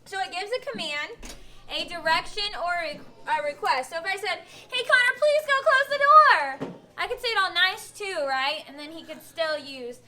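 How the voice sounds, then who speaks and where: Bright high-voiced woman teaching a class. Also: moderate pace. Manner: patient, questioning, acts out example sentences. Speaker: elementary school teacher. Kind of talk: classroom instruction.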